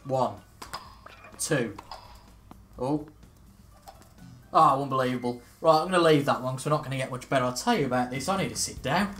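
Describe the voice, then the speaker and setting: A man's voice: medium pitch, moderate pace, long pauses, fairly bright tone, faint music behind. A young man casually commentating on a video game, chatty and self-mocking, reacting aloud as he plays. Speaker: gaming video host. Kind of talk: casual let's-play commentary.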